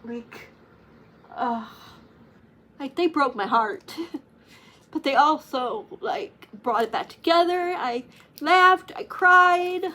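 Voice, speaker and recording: Speaking slowly with long pauses, this woman has a high, bright voice and a forceful tone. She's a book reviewer in a casual chat to camera, gushing about her favorite books and filling her speech with "like." Her emotion runs high and she is near tears.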